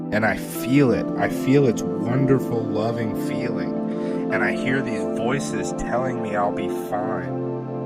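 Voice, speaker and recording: A man's voice: lowish voice, natural voice. A man reading as an awed man drawn toward a light. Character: man recounting a glowing abduction under hypnosis. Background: loud guitar music.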